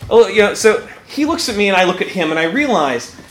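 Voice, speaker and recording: A man spins a personal story with a high voice that leaps all over the place, laughing as he goes and acting out his own reactions. The sound is roomy and echoey, with clear noise underneath. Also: fast talker. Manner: animated, laughs often while telling, acts out his own quoted reactions. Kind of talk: personal story told live. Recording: echoey room with background noise.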